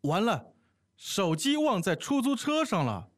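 A man's voice: sits high, huge pitch swings, a little slow, heavily acted. A man playing a flustered guy who lost his phone. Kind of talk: scripted lesson dialogue.

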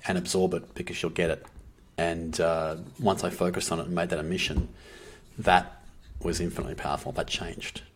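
Deep husky man talking earnestly. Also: little pitch movement, a little fast. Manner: earnest, reflective, with restarts. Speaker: podcast guest. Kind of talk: casual podcast conversation.

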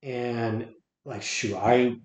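A man's voice: mid-range voice, steady tone, very slow. Earnest man, roomy echo. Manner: earnest and reflective, often restarting words. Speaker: podcast guest. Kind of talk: casual conversation.

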